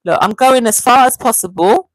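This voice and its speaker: A woman hosting a casual livestream, chatting and reading viewer comments aloud in a lively, animated way. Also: a little high, moderate pace, dry recording, low-quality recording. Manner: chatty and animated, often calling out viewers' names. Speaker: livestream host.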